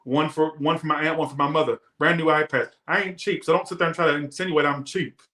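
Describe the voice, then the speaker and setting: Man, tarot reader, casual emphatic rant, defensive, slightly high voice. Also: steady tone, fast talker, sharp tone, roomy sound. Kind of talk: casual monologue to viewers.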